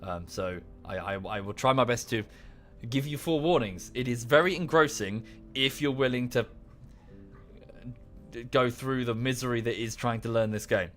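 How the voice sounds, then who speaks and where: A man's voice: mid-range voice, moderate pace, a bit bright, soft background music. A man in his thirties streaming a game, talking casually and rambling into a rant, close to the microphone. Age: 30s. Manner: rambling, ranting. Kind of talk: casual live-stream chat.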